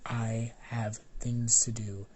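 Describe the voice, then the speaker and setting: A man voicing a bored, sleepy male teacher who talks low, quiet and slow. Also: level tone, slight background noise, natural voice. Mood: weary.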